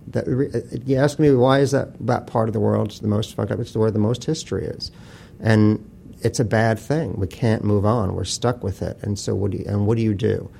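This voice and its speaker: A man's voice: lowish voice, gravelly, warm tone, a little hiss or hum. A man talking as an author guest in an interview, blunt and profane, telling wry stories. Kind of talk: casual interview talk.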